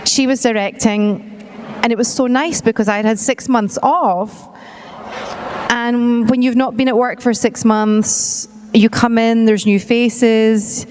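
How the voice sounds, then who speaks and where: A woman's voice: a little high, fairly even intonation, measured pace, a little mellow, long reverb tail, slight background noise. A middle-aged woman with a Scottish accent, chatting casually as a guest at a convention panel, self-deprecating and laughing often. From Scotland. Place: convention hall stage.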